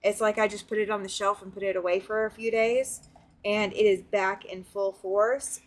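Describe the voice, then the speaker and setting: A woman's voice: medium pitch, fairly even intonation, normal speed. A woman from the Southern US with a Southern accent, hosting a casual quilting livestream, chatting and laughing as she reads viewer comments aloud. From Southern United States. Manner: chatty, laughs often, talks straight to viewers. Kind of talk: casual live-stream chat, reading viewer comments.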